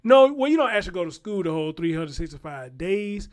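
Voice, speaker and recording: A man's voice: high-pitched, big pitch swings, quick pace. Chatty man in his forties. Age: 40s. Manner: rambling, chatty, talks straight to viewers. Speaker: live stream host. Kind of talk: casual live-stream commentary.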